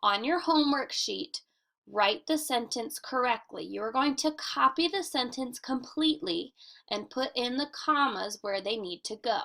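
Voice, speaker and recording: Woman teacher, recorded kids' lesson, unhurried and careful, gravelly edge to a bright voice. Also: a little high, expressive. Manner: clear, deliberate teacher talk, slowing to model reading aloud. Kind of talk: recorded grammar lesson for children.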